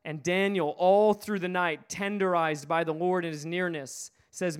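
A man's voice: high voice, fairly even intonation, measured pace, smooth. A man preaching a sermon, retelling a story emphatically with repeated phrases.

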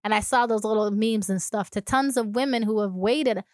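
A woman's voice: medium pitch, normal speed, a little mellow, dry recording, studio quality. A woman chatting casually as a podcast co-host, playfully acting out little scenes and dropping into a sultry voice. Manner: playful, acts out scenarios, drops to a sultry voice. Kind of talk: casual chat.

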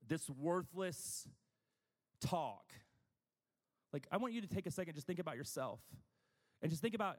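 A man's voice: fairly high pitch, long reverb tail. A man preaching a conversational sermon, chatty and self-deprecating, with frequent asides.

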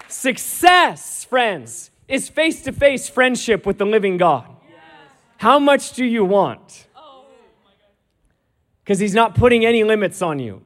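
A male preacher with a strikingly high voice delivers an animated sermon. He retells scripture as lively dialogue, voicing each exchange and leaning hard on key lines. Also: slow pace, long pauses. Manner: animated storytelling, acting out dialogue, emphatic.

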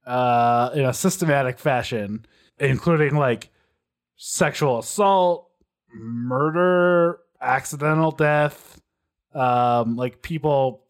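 A man recaps a story in an unhurried podcast conversation. He speaks slowly at a middling pitch, in a measured, explanatory tone. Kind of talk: casual chat, summarizing a TV plot.

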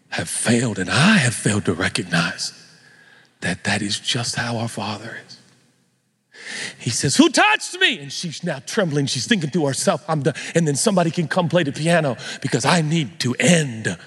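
A middle-aged man preaching a sermon as pastor, animated and joking in a conversational way. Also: medium pitch, moderate pace, husky, big-room sound.

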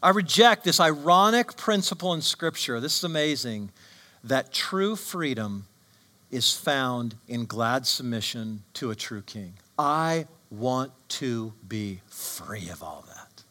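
A man's voice: mid-range voice, lively intonation, slow pace, bright, forceful tone. A man preaching a sermon with emphatic delivery and frequent rhetorical questions. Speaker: pastor.

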